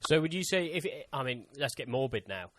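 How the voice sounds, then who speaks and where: A man co-hosting a podcast, his voice rising and falling in lively swings as he teases the others. He swears casually and jokes around. The sound is dry and close, with almost no room echo. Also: medium pitch, brisk. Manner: animated, teasing, swears casually. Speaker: podcast co-host. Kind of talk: casual chat.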